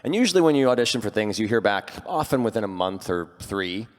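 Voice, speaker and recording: A man, a voice actor on a live panel, telling an eager, animated story. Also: lowish voice, fast, long reverb tail. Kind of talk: casual storytelling.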